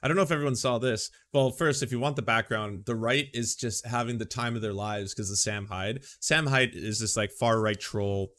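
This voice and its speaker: A man's voice: medium pitch, normal speed, few pauses, a bit bright. A man hosting casual political commentary in a sarcastic, mocking way. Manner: sarcastic, mocking impressions of others.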